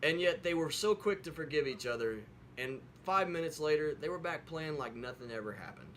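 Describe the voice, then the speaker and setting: Slightly high-voiced man, folksy rambling devotional storyteller. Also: expressive, a little fast, fairly bright tone, a little hiss or hum. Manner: folksy, rambling, with many fillers and restarts; earnest preaching in closing. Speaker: video host telling a devotional story. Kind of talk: casual storytelling with a sermon close.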